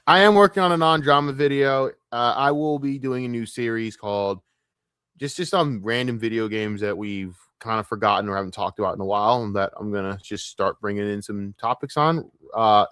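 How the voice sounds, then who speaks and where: A man's voice: lowish voice, fairly bright tone, no echo, clean studio sound. A man hosting a casual live stream, reacting to clips with crude, sarcastic, rambling talk.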